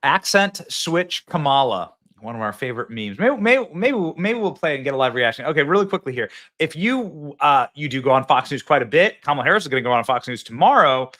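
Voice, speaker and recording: Brief: male show host, lively pitch, sharp bright tone, casual interviewing with restarts. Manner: animated, quick questions with restarts. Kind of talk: casual political talk show.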